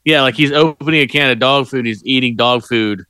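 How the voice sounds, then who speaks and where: A man's voice: medium pitch, fairly quick, pushed and bright, clean tone, no echo, studio quality. A man in casual chat, asking hesitant questions about a film and saying "like" a lot.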